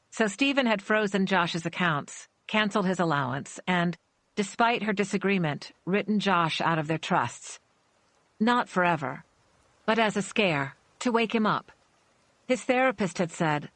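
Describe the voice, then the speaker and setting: Female audiobook narrator, low register, steady measured delivery, dry close mic. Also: no room sound. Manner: measured storytelling, voicing characters with small shifts. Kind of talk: scripted narration.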